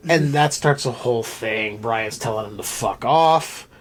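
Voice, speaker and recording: A man with a mid-range voice co-hosts a casual podcast, recapping a film at a measured pace. He is animated and profane, acting out the characters' lines as he goes.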